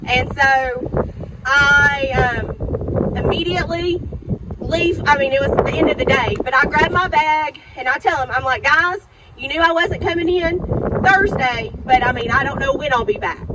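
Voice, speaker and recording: Middle-aged woman, high voice; emotional eulogy delivered outdoors with clear traffic noise behind her. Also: measured pace. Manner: emotional storytelling, acting out remembered dialogue. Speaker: daughter giving a eulogy. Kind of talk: personal graveside eulogy. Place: outdoor cemetery graveside.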